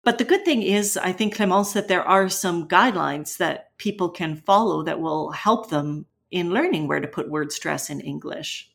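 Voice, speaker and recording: A woman co-hosting an English-learning podcast, explaining pronunciation and vocabulary clearly and patiently. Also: fairly low pitch, expressive, moderate pace, hardly any pauses. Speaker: English teacher co-host. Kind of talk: educational podcast chat.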